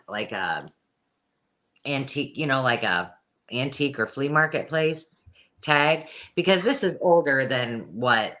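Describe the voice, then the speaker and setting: Very low-voiced woman hosting a live sale. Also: a bit bright. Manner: chatty, self-deprecating, rambling with restarts. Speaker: co-host of a live craft supply sale. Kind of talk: casual live-stream chat.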